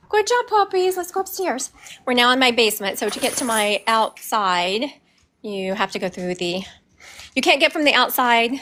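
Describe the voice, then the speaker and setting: A woman's voice: mid-range voice, pushed and bright. A middle-aged woman who works as a psychic medium, rambling chattily on a livestream from her home through a phone she carries around.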